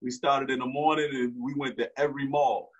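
A man from Newark, New Jersey, tells a story as an interview guest, using slangy street talk and restarting often. His medium-pitched voice is slightly rough, a little fast and fairly even in intonation, captured on a dull lo-fi recording.

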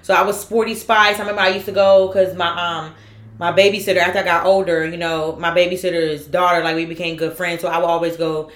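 A woman's voice: on the low side, flat delivery, fast, a bit bright, echoey room. A woman from the DMV area co-hosting a casual chat, profane and emphatic. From DMV area, United States. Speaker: podcast co-host.

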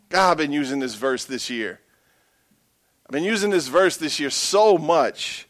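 A middle-aged male pastor preaching a sermon, humorous and animated, swinging from hushed asides to emphatic bursts. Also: high-pitched, normal speed.

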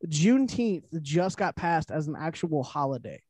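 A man with a high-pitched voice hosts a loose podcast chat. He rambles along with frequent restarts and fillers. The sound is dry and close, with no room echo. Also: lively intonation, normal speed, a little mellow. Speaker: podcast host.

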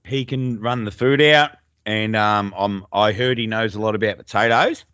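A man's voice: on the low side, normal speed, fairly bright tone, clean tone, no room sound, dull audio. A young adult man with an Australian accent, telling stories in a laid-back, sweary way as a podcast co-host. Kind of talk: casual chat.

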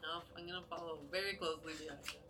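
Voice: medium pitch, fairly even intonation, fast, over music. A tabletop game player speaking playfully and laughing easily. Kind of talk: casual tabletop play.

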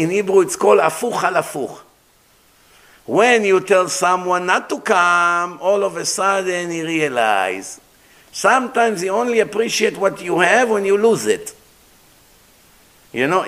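A middle-aged man giving a storytelling sermon as a rabbi, animated, acting out dialogue and mixing in Hebrew terms. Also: high voice. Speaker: rabbi lecturer.

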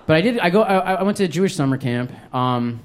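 A man in his thirties doing stand-up on a live stage mic, his voice a touch higher than most men's. He tells a self-deprecating story and keeps jumping into squeaky acted-out quotes. A faint hum runs under him. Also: quick pace, some chatter behind. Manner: animated, self-deprecating, jumps into high-pitched acted-out quotes. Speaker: stand-up comedian. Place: comedy stage before a live audience.

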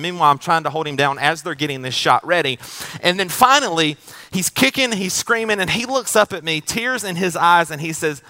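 A man's voice: high voice, lively intonation, brisk, bright, forceful tone. A man preaching a sermon as pastor. He tells a family story in a casual, joking way and often repeats his words as he goes.

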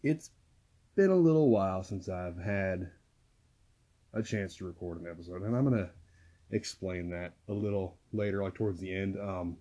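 A man hosting a movie podcast, speaking quietly and carefully close to the mic at home, his voice worn from a recent illness. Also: deep voice, normal speed. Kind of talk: casual podcast talk. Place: small home recording room. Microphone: close to the microphone.

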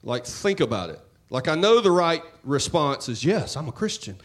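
A man preaching a sermon in church, talking to the congregation in a conversational, joking way and swinging between loud and hushed. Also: on the high side, big pitch swings, normal speed. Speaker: pastor.

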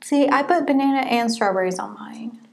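A woman's voice: fairly high pitch, normal speed, creaky, a little mellow. A young woman co-hosting a casual chat podcast, chatty and full of filler words. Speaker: podcast co-host.

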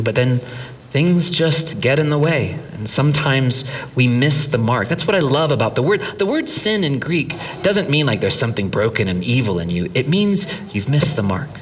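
Animated man preaching from a distance. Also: medium pitch. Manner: animated, conversational preaching with rhetorical questions. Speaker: pastor. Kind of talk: sermon.

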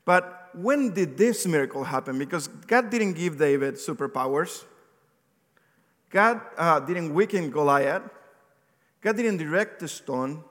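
A man preaches in a large, reverberant hall, his voice sitting a little high for a man. He tells the story with animated energy, voicing each character's lines, and now and then stumbles and restarts a word. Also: measured pace. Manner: animated storytelling, acts out quotes, some slips and restarts. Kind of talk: sermon retelling a Bible story.

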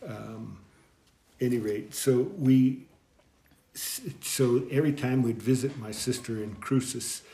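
Halting storytelling man, echoey room. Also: mid-range voice, steady tone, mellow. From American Southwest. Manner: rambling, halting, chuckles often. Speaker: guest deacon. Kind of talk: storytelling in conversation.

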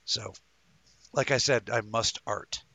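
A man's voice: on the low side, fairly even intonation, takes it slowly, creaky, pushed and bright, no room sound. A man hosting a live talk show in a rambling, jokey way, full of stumbling restarts. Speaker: host. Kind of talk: casual live-show chat.

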